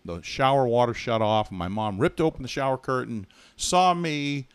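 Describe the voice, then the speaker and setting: A man's voice: mid-range voice, moderate pace, clean tone, no room sound. A middle-aged man from Massachusetts, telling his childhood story in a rambling, chatty podcast interview. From Massachusetts, USA. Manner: chatty, rambling, self-correcting with many asides. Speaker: podcast co-host being interviewed.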